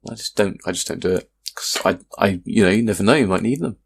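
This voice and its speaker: A man's voice: fairly low pitch, expressive, fast, gravelly, husky. A man with a British accent, co-hosting a casual gaming podcast and giving blunt, dry opinions. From Britain. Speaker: podcast co-host. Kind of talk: casual chat.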